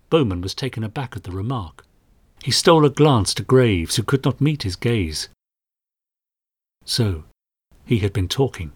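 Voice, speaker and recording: A man narrating a short story in a measured, dramatic storytelling manner. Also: lowish voice, breathy edge, dry recording. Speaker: audiobook narrator. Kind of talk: scripted narration.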